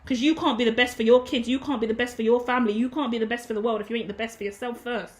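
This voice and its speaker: A woman's voice: on the high side, fairly even intonation, rapid-fire. A woman giving a casual tarot reading, emphatic and preachy, swearing freely. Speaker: tarot reader.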